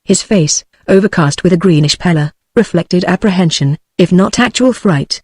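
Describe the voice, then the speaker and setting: British lady tts voice reading an adventure book, steady and even, very dry close sound. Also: fairly low pitch, moderate pace, hardly any pauses, breathy edge, dry recording. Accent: British English. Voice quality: flat, even text-to-speech delivery. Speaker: audiobook narrator. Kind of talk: synthesized audiobook narration.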